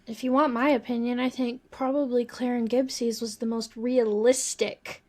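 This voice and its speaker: Wry, relaxed woman podcast host. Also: a little high, normal speed. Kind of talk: casual book-club chat and recapping.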